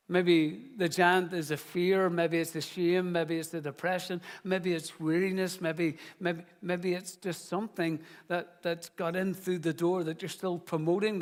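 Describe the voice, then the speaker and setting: A man's voice: high voice, long reverb tail. A middle-aged man, the founding pastor of his church, preaching in an earnest, conversational way and telling stories. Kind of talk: sermon.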